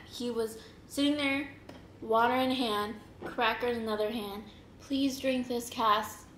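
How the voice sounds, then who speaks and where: A young woman hosting an eating show, telling a rambling story in a casual, animated way, acting out what people said and laughing often. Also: on the high side, slight background noise. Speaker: mukbang host. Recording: roomy echoing room.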